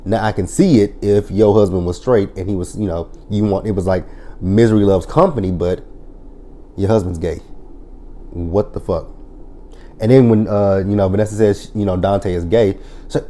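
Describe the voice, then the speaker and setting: Reviewer, male: low, mellow voice, swears freely, retells scenes with lively quoted lines. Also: normal speed. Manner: profane, blunt storytelling. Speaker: TV show reviewer. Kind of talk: casual episode recap review.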